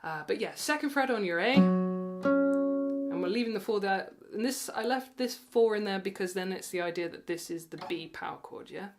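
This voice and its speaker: A woman teaching guitar online, talking warmly and counting the beats aloud while she plays. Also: mid-range voice, normal speed. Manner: encouraging, counts aloud, chuckles at herself. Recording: loud guitar under the voice. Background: guitar playing.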